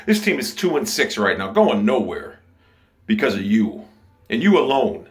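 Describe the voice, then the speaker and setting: A man's voice: mid-range voice, lively intonation, brisk. A man from Ohio ranting angrily and profanely about his football team. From Ohio, USA. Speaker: sports commentator. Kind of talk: angry fan rant.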